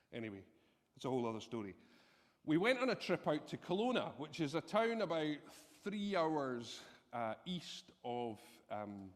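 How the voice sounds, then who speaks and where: Male pastor, sermon, anecdotal, self-deprecating humor, echoing church hall. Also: mid-range voice. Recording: long reverb from a church hall.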